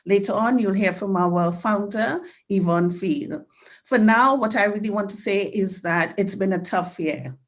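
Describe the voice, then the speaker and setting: A woman's voice: medium pitch, a little slow. Emotional woman hosting a remembrance event. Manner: earnest, heartfelt, with repetitions. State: emotional, choked up. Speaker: host.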